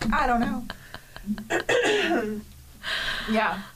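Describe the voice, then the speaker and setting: Lively high-voiced woman telling stories. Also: drawn-out words, very noisy. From Southern US. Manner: lively storyteller, laughs often. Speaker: podcast co-host. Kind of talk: casual chat.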